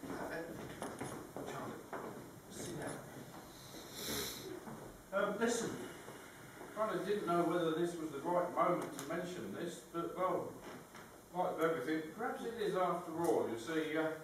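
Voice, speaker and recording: An actor playing a cheerful, apologetic British army demolition sergeant in a live stage comedy, with a British accent. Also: male voice, fairly high pitch, measured pace, long pauses, background noise, natural voice. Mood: hesitant. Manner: jovial, apologetic, slangy. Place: theater stage. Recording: echoey theater stage from far off.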